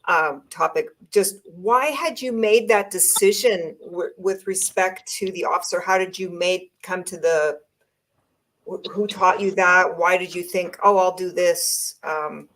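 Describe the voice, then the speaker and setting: A woman hosting a podcast, jumping in with eager, halting questions and restarts. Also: fairly low pitch, a bit bright, poor audio. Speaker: podcast host. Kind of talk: casual interview chat.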